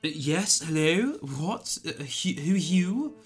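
Guy putting on a jittery rat engineer, tall and skinny, stammers a lot, a bit high, faint music behind. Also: animated, slow, husky, full character voice. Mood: nervous polite. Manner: hesitant, stammering, polite. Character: tall thin nervous male rat engineer.

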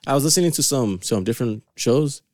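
A man's voice: mid-range voice, fast, no echo, clean studio sound. A young man, co-hosting a podcast in crude, joking casual banter. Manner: animated, joking, swears a lot, breaks into laughs. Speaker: podcast co-host. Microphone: podcast mic.

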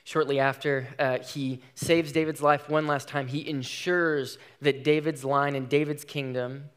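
A man's voice: on the high side, little pitch movement, unhurried, a bit bright, clean tone. A man preaching a sermon, retelling a story with dramatic, emphatic delivery.

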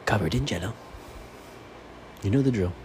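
A man's voice: on the low side, normal speed, darkish tone. A man hosting his own sports fan podcast, delivering a profane, fired-up monologue. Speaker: podcast host. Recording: faint background noise.

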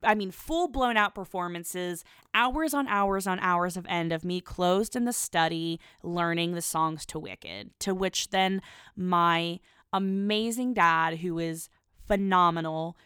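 Young woman, casual podcast chat, rambling and gushing, smooth lowish voice, dry sound. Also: slow, a bit bright, no echo. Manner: rambling, gushing, many fillers and restarts.

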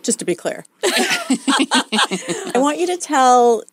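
A woman podcast host, eager and encouraging as she sets up her guest's next story. Her voice is a bit higher than average and sounds dry and close. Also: huge pitch swings, slow pace, no echo. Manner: enthusiastic, prompts the guest. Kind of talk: casual interview chat.

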